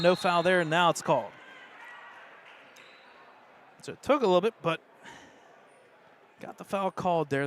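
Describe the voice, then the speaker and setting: Animated American man calling basketball. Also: a little hiss or hum. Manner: excitable, partisan, rising pitch on plays. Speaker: play-by-play announcer. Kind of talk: live high school basketball commentary.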